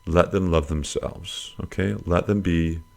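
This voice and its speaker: A man hosting a casual comic podcast, rambling through listener questions with crude, self-mocking humor and sudden squeaky jokey swings. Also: fairly even intonation, unhurried, creaky, darkish tone.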